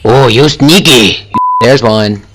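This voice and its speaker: A man's voice: medium pitch, slow pace. A man giving horror game commentary, jumpy and gasping, swearing and taunting the monster. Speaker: gaming video creator.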